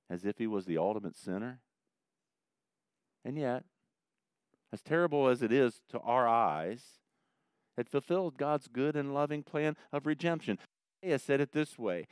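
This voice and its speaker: A man preaching a sermon as pastor, moving between hushed, intense passages and fervent, almost shouted emphasis. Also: medium pitch, expressive, moderate pace, pauses often, smooth, dry recording. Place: church in Indianapolis.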